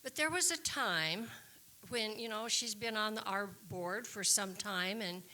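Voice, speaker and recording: A woman's voice: medium pitch, measured pace, pushed and bright. A woman introducing the next act on stage at a community hall, chatting and searching for words. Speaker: community board member introducing acts.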